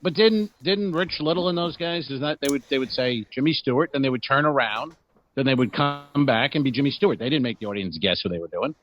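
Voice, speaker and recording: A man's voice: medium pitch, fairly quick, muffled recording, slight background noise. A man co-hosting a comedy podcast over a video call, joking around and acting out movie scenes. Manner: teasing, acts out movie lines in goofy voices. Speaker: podcast co-host. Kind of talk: casual comedic banter.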